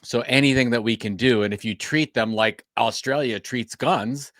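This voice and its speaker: A man's voice: mid-range voice, normal speed, fairly bright tone, dry recording. A man co-hosting a marketing podcast, giving his opinions in casual talk and often restarting his sentences. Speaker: podcast co-host.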